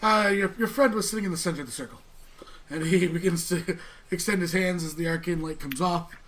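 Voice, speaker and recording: A man narrating as game master of a tabletop game in a relaxed, rambling way. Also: sits high, a little fast, a little hiss or hum. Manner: relaxed, rambling, many fillers.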